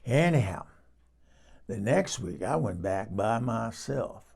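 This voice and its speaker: A man's voice: mid-range voice, lively intonation, slow, creaky, darkish tone, slightly rough, exaggerated voice. A man playing a bawdy older Southern woman who tells a comic story with swooning exclamations and asides. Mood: gossipy. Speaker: comedic character storyteller. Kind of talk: comic monologue in character.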